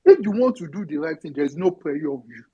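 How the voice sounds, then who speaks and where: A woman's voice: sits low, sing-song, quick pace, lo-fi sound, crowd noise. A woman with a Nigerian accent who mixes in Yoruba, making an impassioned, near-tearful political appeal, pleading and swearing. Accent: Nigerian, mixing in Yoruba. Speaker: audio-room participant.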